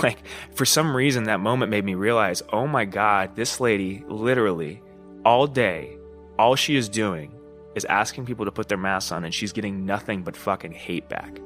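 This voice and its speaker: A man's voice: lowish voice, a bit bright. A man hosting a podcast, talking casually in a rambling monologue, swearing, laughing and often asking "you know what I mean?". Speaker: podcast host.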